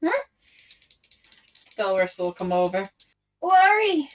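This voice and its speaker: A woman player in a tabletop role-play game, talking in a lively, expressive way. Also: a little high, unhurried.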